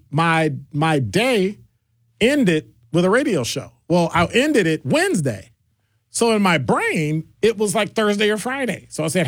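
A middle-aged man hosting a call-in radio show, his voice swooping widely as he rambles from point to point. He sits a little high for a man, and the studio sound is close and dry. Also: dry recording. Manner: animated, digressive, jumps between deep and high voices. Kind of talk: casual call-in radio talk. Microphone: studio microphone.

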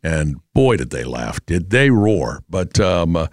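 This middle-aged radio host from Massachusetts has a deep voice and a New England accent. He's very animated but unhurried, rambling through casual talk-radio chatter packed with fillers. The recording is studio quality with no echo.

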